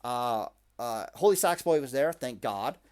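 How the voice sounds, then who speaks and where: A man's voice: medium pitch, expressive, unhurried, a little mellow, clean tone. A man ranting about game strategy as a video commentator, swearing freely and stumbling over repeated words as he talks. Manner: ranting, profane, repeats words and restarts often. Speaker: gaming commentator. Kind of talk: opinionated gaming commentary.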